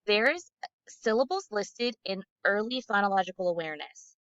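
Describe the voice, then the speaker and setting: Bright, methodical woman presenter. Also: medium pitch, dry recording, highs cut off. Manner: clear, methodical, slows to model syllables aloud. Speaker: literacy trainer. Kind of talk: instructional presentation for teachers.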